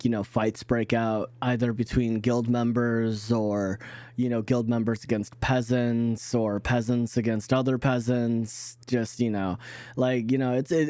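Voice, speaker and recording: A man's voice: mid-range voice, a little mellow, dry recording. A man narrating a tabletop game as game master, rambling with many fillers and restarts.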